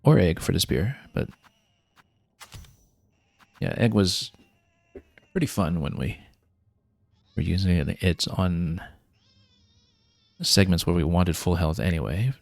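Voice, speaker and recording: A man's voice: deep voice, lively intonation, slow, gravelly, pauses often, dry recording. A man streaming a video game, thinking aloud and planning his next moves with casual fillers. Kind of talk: casual gameplay commentary.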